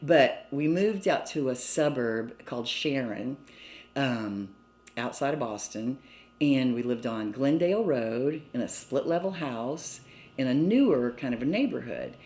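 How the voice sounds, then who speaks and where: A woman's voice: extremely low pitch, animated, a little slow, darkish tone. An older woman from Mobile, Alabama, being interviewed and reminiscing casually, chatty and laughing often between phrases. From Mobile, Alabama, USA. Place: indoors in a cottage. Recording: roomy echo.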